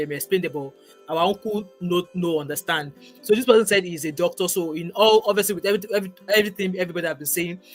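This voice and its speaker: A woman hosting a livestream, chatting and reading viewer comments aloud. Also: on the low side. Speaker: livestream host. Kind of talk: livestream chat.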